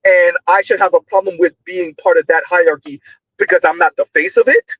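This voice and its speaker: A man delivering a loud, emphatic commentary monologue, often shouting, full of slang, repetition and rhetorical questions. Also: sits high, steady tone, brisk, no echo, highs cut off. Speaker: online commentator.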